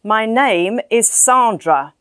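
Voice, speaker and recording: A woman's voice: on the high side, expressive, slow, fairly bright tone, smooth, no echo, clean studio sound, pitched above the performer's own voice. A woman reading voices a bossy young woman who talks firmly and takes charge. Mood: firm exasperated. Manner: firm, commanding.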